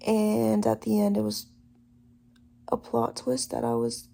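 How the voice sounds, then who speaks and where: A woman book vlogger talking casually to camera, emotional and often dropping to a hushed whisper. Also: mid-range voice, unhurried, vocal fry, slight background noise, low-quality recording. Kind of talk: casual vlog talk to camera. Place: in a car, then at home late.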